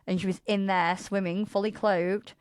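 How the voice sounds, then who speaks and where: A woman in her thirties on a podcast, telling a dating story in casual chat and acting out quotes loudly with laughter. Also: moderate pace, clean tone, no echo, clean studio sound. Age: 30s. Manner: animated, laughing, acts out quotes in a loud high voice. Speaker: podcast co-host.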